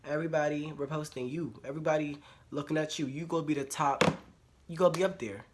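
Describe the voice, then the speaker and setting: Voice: mid-range voice, fairly even intonation, fast talker, very noisy. A vlogger giving casual relationship advice straight to camera, talking bluntly and repeating phrases for emphasis, with slang and swearing. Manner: informal slangy speech with swearing.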